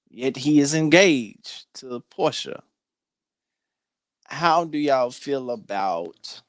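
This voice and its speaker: A man's voice: medium pitch, a bit bright, smooth, dry recording. A man hosting a casual group discussion, steering the talk back on topic and often repeating his words. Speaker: podcast host.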